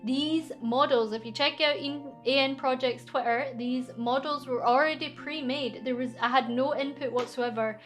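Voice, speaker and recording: Young Scottish female streamer, high voice, giggly and chatty, faint background music. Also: fairly even intonation, normal speed, hardly any pauses. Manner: chatty and giggly, reading chat aloud. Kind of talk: casual chat answering viewer questions. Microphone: studio microphone.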